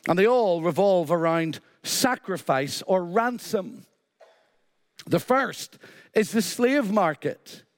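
A man's voice: high voice, expressive, slow, studio quality. A man preaching a sermon with emphatic, repeated phrases and a short story woven in. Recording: long hall reverb.

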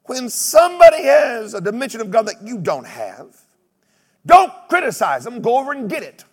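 A man preaching a sermon, telling stories with humor, mimicking other preachers and breaking into shouted exclamations. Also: very high voice, normal speed, long reverb tail. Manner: animated storytelling with shouted exclamations.

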